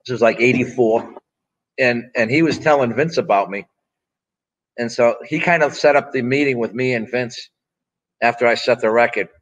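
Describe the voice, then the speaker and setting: A man's voice: medium pitch, moderate pace, highs cut off. Male guest in his 60s, ex-strongman, blunt and profane, rambling storyteller. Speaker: interview guest, former strongman and pro wrestler. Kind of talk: casual storytelling interview.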